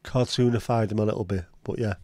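Sweary man, low mellow voice. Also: steady tone, fast talker, dry recording. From Liverpool, England. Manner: sweary, sarcastic banter. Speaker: livestream host. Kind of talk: casual livestream chat reading viewer comments.

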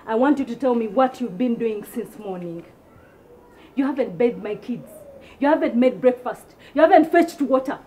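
A woman's voice: high voice, mellow. A woman playing a demanding employer who scolds her housemaid in a comedy sketch. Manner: scolding, commanding. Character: bossy demanding female employer.

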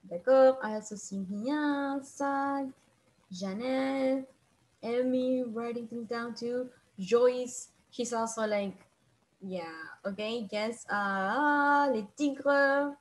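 Woman teacher, online class over video call, patient and repetitive. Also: on the high side. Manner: patient, repeats and translates phrases slowly.

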